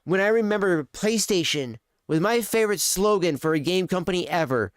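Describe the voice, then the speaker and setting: Man, live streamer, swearing and rambling, smooth voice, dry sound. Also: high-pitched, animated, normal speed, few pauses, no echo. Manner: profane, rambling rant. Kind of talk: casual live-stream chat.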